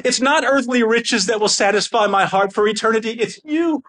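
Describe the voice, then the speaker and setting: A man preaching a sermon with fervent, excited intensity that sounds almost angry. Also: very high voice, moderate pace. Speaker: pastor.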